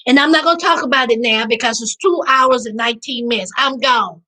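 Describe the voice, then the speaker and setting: Woman hosting a live recap; bright, sharp tone, preachy and animated. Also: a little high, fairly quick. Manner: animated, preachy, Southern slang, addresses chat as y'all. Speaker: reality TV recap host. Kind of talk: live-stream commentary.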